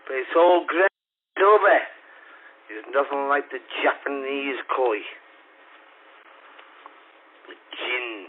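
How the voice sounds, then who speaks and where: A man's voice: mid-range voice, expressive, takes it slowly, long pauses. A man, rambling and taunting as he calls out over an amateur radio repeater. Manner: rambling, taunting, sing-song. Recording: tinny radio transmission, faint noise.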